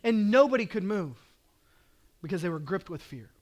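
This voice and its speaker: A middle-aged man preaching from the pulpit with a fairly high, ringing voice. He builds his points through emphatic repetition and passionate declarations, then drops low to drive them home. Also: expressive, normal speed, a little mellow. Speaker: pastor. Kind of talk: sermon.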